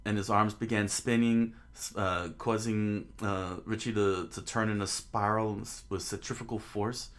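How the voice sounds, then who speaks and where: A man casually reading a story aloud, halting often to restart lines and getting excited in the action. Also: fairly low pitch. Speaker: reader.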